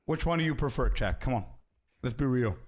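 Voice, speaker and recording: A man's voice: medium pitch, expressive, a little fast, a little hiss or hum. A young man streaming a game, chatting casually with viewers and answering their questions. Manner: chatty, answers chat, says "bro" often. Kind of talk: casual live-stream chat.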